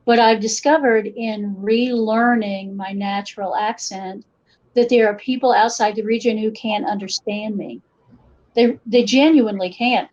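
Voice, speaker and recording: A middle-aged woman from western North Carolina, a guest folklorist, tells stories in an Appalachian Southern accent during a casual interview. Her mid-range voice moves a little slowly, and her lively storytelling shifts accent to match her listeners. The audio is muffled and lo-fi.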